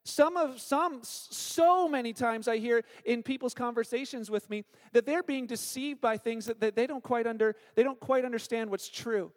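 A man in his thirties preaching a sermon as a pastor, telling stories with animated acted-out quotes. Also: extremely high pitch, normal speed, hardly any pauses. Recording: long hall reverb.

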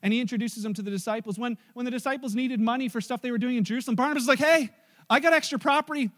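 A middle-aged man preaching a sermon in a church, telling stories with lively acted quotes and asides to the congregation. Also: very high voice, racing. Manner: animated, storytelling with acted quotes and audience asides. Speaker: pastor.

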